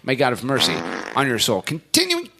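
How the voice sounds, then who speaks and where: A man's voice: mid-range voice, expressive, moderate pace, bright, forceful tone. Sarcastic man hosting a podcast. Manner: sarcastic mock-solemn announcing, profane. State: been drinking beer. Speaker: podcast host. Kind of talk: casual banter, reading out standings.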